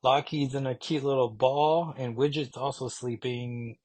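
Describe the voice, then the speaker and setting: A man's voice: mid-range voice, steady tone, a little slow, darkish tone. A man casually recapping a comic book issue, rambling along with many asides. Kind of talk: casual comic review vlog.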